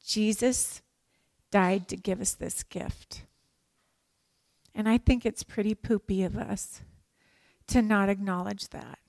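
Woman, Bible teacher, animated sermon, emphatic delivery, joking asides, dry close sound. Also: mid-range voice, slow pace, creaky, long pauses, no room sound. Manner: animated and emphatic, acts out prayers and quotes.

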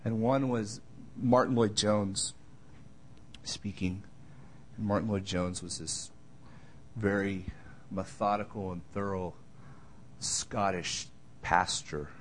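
A man preaching a sermon, moving between loud emphatic lines and quiet, tender asides. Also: on the low side, fairly even intonation, slow pace, long pauses, slight background noise. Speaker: pastor.

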